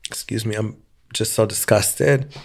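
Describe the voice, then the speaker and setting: A man's voice: on the low side, fairly even intonation, measured pace, vocal fry. Young guy on a podcast spilling a long story, cussing a lot, doing everyone's voices. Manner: dramatic, profane, acts out quoted voices. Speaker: podcast co-host. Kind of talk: casual storytelling chat.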